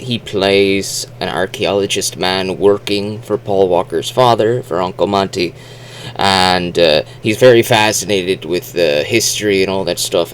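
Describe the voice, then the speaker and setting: A man's voice: sits low, a little hiss or hum. A man reviewing a movie in a rambling, chatty way, full of fillers and restarts, now and then acting out lines in put-on voices. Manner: acts out quotes in animated voices. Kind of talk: casual spoken movie review.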